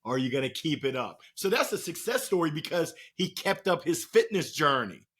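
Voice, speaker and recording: A man speaking as a podcast guest and motivational speaker, telling stories in a playful, animated way and acting out the voices of the people he quotes. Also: on the high side, normal speed, husky. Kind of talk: energetic storytelling conversation.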